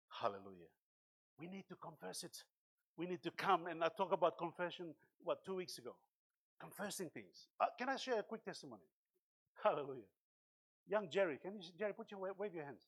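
A man preaching a sermon as pastor, impassioned, with sudden loud bursts and cries of hallelujah. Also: high voice, animated, brisk. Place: church.

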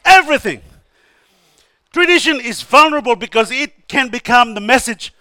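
A male preacher with a very high, bright and forceful voice, recorded close and dry with almost no room sound. He preaches emphatically and often calls out hallelujah. His delivery swings from hushed asides to loud exhortation. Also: lively intonation, moderate pace, no echo. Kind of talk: sermon.

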